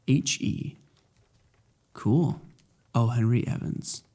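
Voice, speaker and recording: A man's voice: mid-range voice, expressive, a little slow, darkish tone. A man giving casual gameplay commentary, recapping the story in a rambling, jokey way full of fillers. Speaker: let's play gamer.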